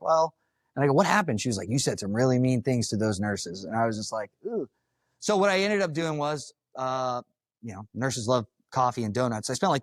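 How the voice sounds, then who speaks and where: A medium-pitched firefighter from Florida gives a talk in a conference room, telling a live audience his story with casual bluntness and plenty of profanity. The recording is dry.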